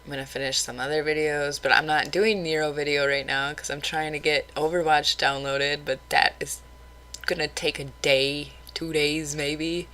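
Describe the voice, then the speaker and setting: Woman vlogger, candid rambler, bright voice. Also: deep voice, steady tone, normal speed, poor audio. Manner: rambling, candid, self-critical. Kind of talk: casual late-night vlog.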